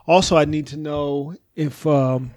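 A man's voice: a little high, steady tone, a little slow, darkish tone, no echo, studio quality. A man co-hosting a casual podcast, blunt and joking, thinking aloud through fitness advice. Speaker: podcast co-host.

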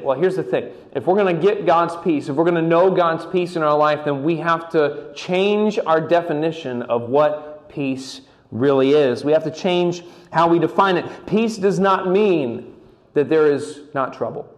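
A man giving a sermon as pastor, often repeating words and restarting, slowing down on key phrases. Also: on the high side.

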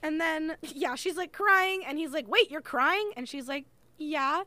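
Bright, chatty young-sounding woman. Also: sits high, no room sound. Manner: animated, sarcastic, swears, quick asides. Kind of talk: casual book discussion chat.

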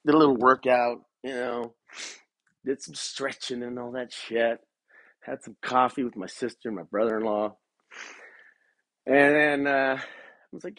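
A man's voice: medium pitch, fairly even intonation, measured pace, long pauses, fairly bright tone, no room sound. Young man, casual rambling talk, lots of swearing, dry close sound, pacing in his bedroom. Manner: laid-back, rambling, swears a lot, says man and dude; pacing while talking. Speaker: podcast host. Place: bedroom at home.

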